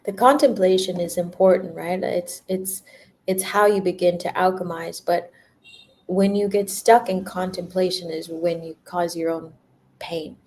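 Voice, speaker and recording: Young female spiritual reader, unhurried and a bit low-pitched, chatty, giggly, slips into playful quoted voices. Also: fairly even intonation, a little mellow. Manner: laughs often, repeats words, acts out little quoted voices. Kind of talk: spiritual livestream talk.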